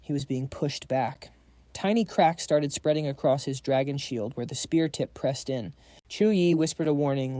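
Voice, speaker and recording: A man's voice: fairly high pitch, moderate pace, dark tone, no room sound, studio quality. A man narrating a fantasy comic recap in a dramatic, scripted storytelling style.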